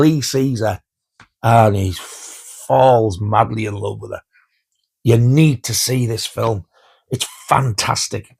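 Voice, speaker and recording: A man's voice: lowish voice, creaky, a little mellow, husky. A man in his fifties chatting enthusiastically about films he has watched, laughing as he retells favourite scenes. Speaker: film reviewer. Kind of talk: casual home movie-review vlog.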